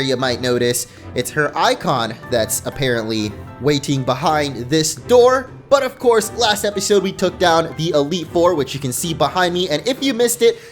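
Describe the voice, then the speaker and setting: A man hosting a let's play, giving upbeat, excitable gameplay commentary. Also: high-pitched.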